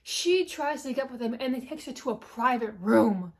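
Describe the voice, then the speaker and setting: A woman with a somewhat high voice recaps a movie in a loose, chatty way. She swears freely and jumps into characters' lines with lively emphasis. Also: moderate pace. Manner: animated, profane storytelling, acting out characters' lines.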